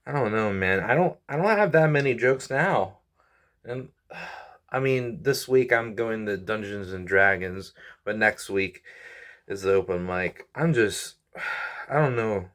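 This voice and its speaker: In an unhurried, lowish voice that's expressive and a bit bright, a comedian and YouTuber in his twenties airs his frustrations to the camera. The vlog is rambling and weary, full of sighs and apologetic asides.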